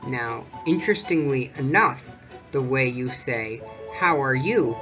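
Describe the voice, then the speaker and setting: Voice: mid-range voice, lively intonation, slow, dull audio, over music. A vlogger giving a casual, chatty tutorial that walks through each point step by step.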